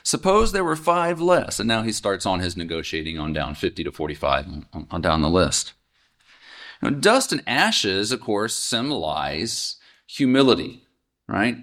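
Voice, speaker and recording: Lively conversational male preacher. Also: deep voice, moderate pace. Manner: conversational, asks the listener questions, chuckles. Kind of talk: casual Bible teaching.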